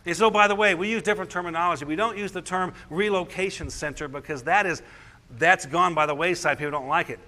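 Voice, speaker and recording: A man's voice: high voice, quick pace, bright, forceful tone. A man, a pastor and radio host, telling a story to an audience with incredulous chuckles and acted-out quotes of the people involved. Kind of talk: animated first-person storytelling to an audience.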